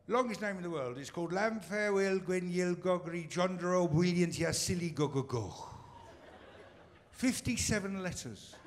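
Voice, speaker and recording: A man's voice: high-pitched, slight background noise. A man from Britain performing a stand-up routine on a comedy stage, teasing the crowd in a dry way.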